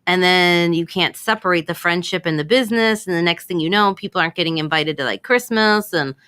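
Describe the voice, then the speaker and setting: A woman's voice: lowish voice, brisk, fairly bright tone, clean tone. A woman co-hosting a casual radio talk show, chatting loosely with frequent "like" and "you know". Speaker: radio co-host.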